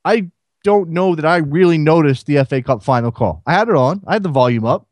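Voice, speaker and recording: Animated man hosting sports talk. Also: fairly high pitch, brisk, no room sound. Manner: rhetorical questioning, animated. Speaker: radio show host. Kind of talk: solo call-in radio talk.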